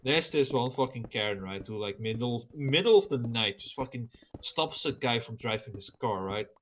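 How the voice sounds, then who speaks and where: A man's voice: mid-range voice, animated, normal speed, fairly bright tone, lo-fi sound, a little hiss or hum. A man chatting casually during a gaming stream, rambling and swearing constantly.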